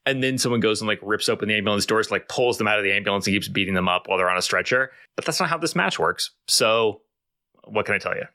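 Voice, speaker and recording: A man co-hosting a podcast, explaining things in long, dry, deadpan rambles. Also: fairly low pitch, quick pace, dry recording. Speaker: podcast co-host. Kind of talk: casual comedic chat.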